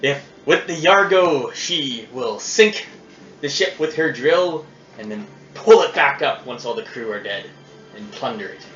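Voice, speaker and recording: A man's voice: mid-range voice, lively intonation, measured pace, a bit bright. A man narrating as game master at a tabletop game, chatty and casual, recorded on a phone. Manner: casual, chatty, laughs often. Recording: roomy, dull phone recording with music.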